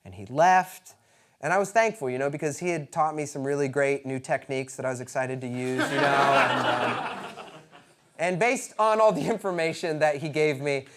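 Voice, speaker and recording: A stand-up comedian in his thirties telling personal stories on stage, animated and bursting into loud acted-out quotes. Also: a little high, normal speed, a little hiss or hum. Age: 30s. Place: comedy stage before a live audience.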